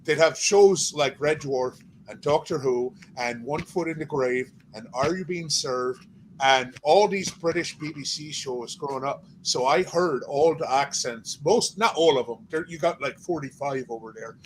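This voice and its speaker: Guest on a casual live chat: a weary man with a slightly high voice, easygoing and profane, over faint background noise. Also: a little slow, poor audio. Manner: laid-back, swears casually. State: tired.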